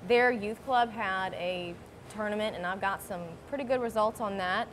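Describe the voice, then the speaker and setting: A woman's voice: mid-range voice, moderate pace, a little hiss or hum. A woman reading out fishing tournament results, careful and a little unsure with names. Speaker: tournament reporter.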